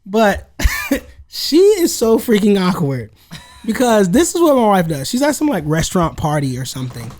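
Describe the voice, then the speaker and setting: Man, podcast co-host, casual chat, animated storyteller, bouncy lively pitch. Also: normal speed. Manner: animated storyteller, laughs often and acts out voices.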